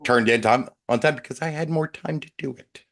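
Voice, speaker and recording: A man's voice: medium pitch, a little fast, creaky, a bit bright. A man who is a regular on a casual podcast, telling stories in a rambling way full of "like". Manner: rambling storyteller, many "like"s. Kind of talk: casual chat.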